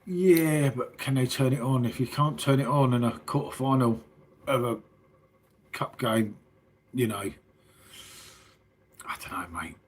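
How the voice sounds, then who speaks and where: A man's voice: mid-range voice, measured pace, a little hiss or hum. A middle-aged English man hosting a casual late-night livestream, chatting with viewers in a matey, sweary way. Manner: matey and sweary, calls everyone mate. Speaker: livestream host.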